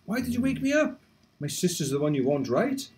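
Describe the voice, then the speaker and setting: A man voicing a sleepy, sulky young boy in a game, raising his voice well above its usual pitch. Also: very animated, a little fast, a little mellow. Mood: drowsy. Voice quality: raised, light voice.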